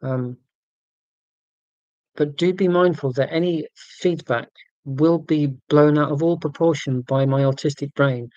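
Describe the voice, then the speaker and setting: A man's voice: a little high, a little mellow, no echo, lo-fi sound. A man, hosting a casual livestream and rambling self-deprecatingly through tangents. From United Kingdom. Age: 40s. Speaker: livestream host.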